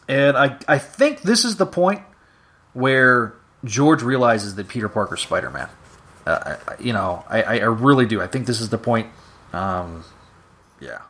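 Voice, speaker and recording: A man's voice: medium pitch, fairly bright tone. A podcast host talking on his own, retelling comic issues in a loose, casual way. His speech is full of "uh"s and restarts. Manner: casual, filler-heavy retelling. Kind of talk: solo recap reading comics aloud.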